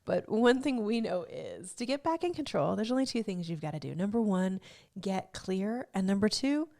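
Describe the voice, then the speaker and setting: A woman's voice: mid-range voice, very animated, moderate pace, gravelly, mellow. A woman co-hosting a business podcast in casual chat, upbeat and teasing her partner. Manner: upbeat, teasing, keeps things on track. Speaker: podcast co-host.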